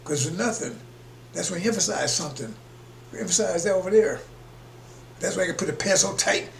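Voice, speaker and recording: Gravelly, emphatic man preaching in echoey room. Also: high-pitched, animated, fairly quick. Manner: emphatic, rambling, chuckles between points. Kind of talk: preaching broadcast. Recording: echoey room with faint hum.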